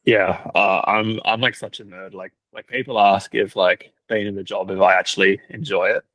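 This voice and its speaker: A young man chatting casually, telling stories loaded with "like" fillers and quick laughs. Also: fairly low pitch, steady tone, fairly bright tone, no echo, rough recording. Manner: storytelling, lots of "like" fillers, laughs often. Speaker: cricket team videographer. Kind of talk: casual podcast chat.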